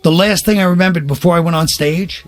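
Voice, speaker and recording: A man's voice: fairly high pitch, fast. An older man from New York, a comedian telling stories in casual chat and acting out the people he quotes. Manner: animated storyteller, acts out quoted voices.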